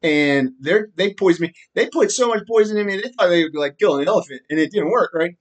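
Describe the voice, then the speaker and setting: Man vlogger, rambling profane rant, agitated, slightly higher voice, frequent "right?". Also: expressive, brisk. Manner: frequent laughs and repeated "right?". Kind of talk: rambling monologue.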